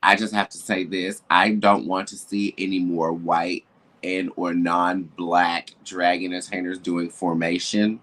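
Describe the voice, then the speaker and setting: Deep male podcast co-host with a candid, emphatic delivery. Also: flat delivery, measured pace, a bit bright. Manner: candid, emphatic, drops into asides. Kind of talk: casual podcast chat. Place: home, with building noise nearby.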